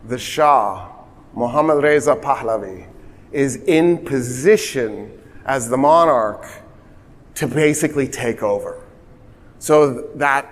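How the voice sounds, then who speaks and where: Guy doing a comedic history rant, kinda high voice, acts out all the dialogue, lots of hall reverb. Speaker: history storyteller.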